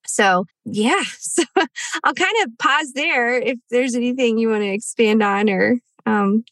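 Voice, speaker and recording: A woman's voice: on the high side, measured pace, a bit bright, no echo. Woman, thirties, podcast guest, chatty personal storytelling, lots of fillers, dry close sound. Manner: chatty, many "like" fillers, acts out quoted speech. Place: outdoors in a cemetery.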